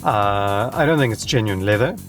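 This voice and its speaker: A man's voice: fairly low pitch, animated, normal speed, soft background music. Frank, chatty man reviewing a car. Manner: frank, conversational, addresses viewers directly. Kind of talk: casual walkaround review. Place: inside a parked car.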